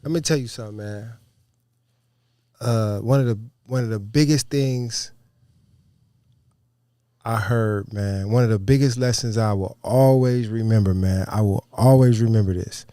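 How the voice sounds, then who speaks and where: A man telling a story in a casual chat, animated, quick in bursts and swearing freely, on a close, dry mic. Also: fairly low pitch, no room sound. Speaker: podcast guest.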